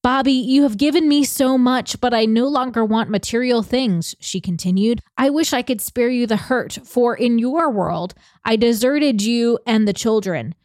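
A woman co-hosting a podcast, reading a letter and a call transcript aloud in a measured, steady way. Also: on the high side, no echo, studio quality.

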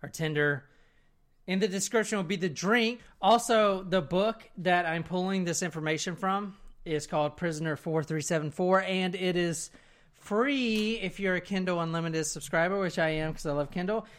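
A man's voice: high-pitched, fairly bright tone. A man telling the story on a casual podcast, joking and teasing his co-hosts. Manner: joking, teasing, quick to protest. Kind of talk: casual chat.

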